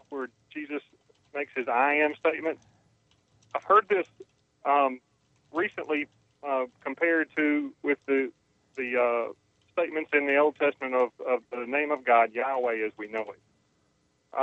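A man's voice: on the high side, no room sound. Male phone caller, polite and hesitant, tinny line, dry sound. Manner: polite, hesitant, many fillers. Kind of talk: call-in radio question.

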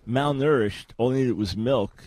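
A man's voice: medium pitch, normal speed, a little mellow, dry recording. A man hosting an interview, asking probing questions and sometimes playing devil's advocate with sarcasm. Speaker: interview host.

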